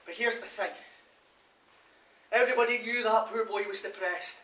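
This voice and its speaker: An actor playing a frustrated prison officer, speaking emphatically to the audience. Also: male voice, high voice, fairly even intonation, normal speed, sharp tone. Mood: insistent. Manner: emphatic, insistent, addressing an audience. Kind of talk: theatre monologue. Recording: live stage, roomy, from far off.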